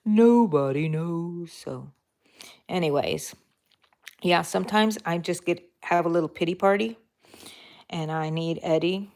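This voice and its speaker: Brief: middle-aged woman, drawl, unhurried, low-pitched, chats with viewers as she crochets. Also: creaky. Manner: chatty, laughing, talks to viewers. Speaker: crochet vlogger. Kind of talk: casual live-stream chat while crocheting.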